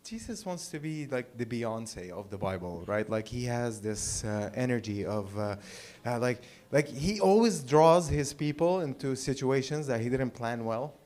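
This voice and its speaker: A man from the Middle East doing a stand-up set at a small open mic, halting and dry, full of filler words. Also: mid-range voice, lively intonation, a little mellow. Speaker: stand-up comedian. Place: small live comedy venue.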